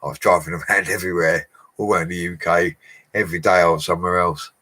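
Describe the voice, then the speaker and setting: A man's voice: low-pitched, fairly even intonation, fast talker, pushed and bright. A man, a bricklayer casually answering live chat questions in a matey, chatty way and laughing often. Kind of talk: casual livestream Q&A.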